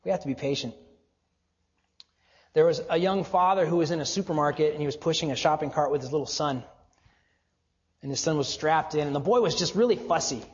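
A male pastor preaching a sermon, earnest and exhorting, often dropping to a low, quiet voice for emphasis. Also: a little fast, pauses often, big-room sound, muffled recording.

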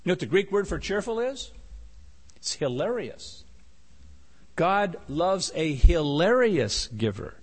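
A man's voice: high-pitched, very animated, measured pace, long pauses, breathy edge. A man preaching a sermon as pastor. He is emphatic, repeats key phrases and asks rhetorical questions. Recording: long hall reverb.

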